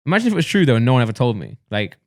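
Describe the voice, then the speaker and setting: A man's voice: mid-range voice, big pitch swings, very fast, dry recording, studio quality. A young man co-hosting a podcast, joking and teasing his co-host in casual banter.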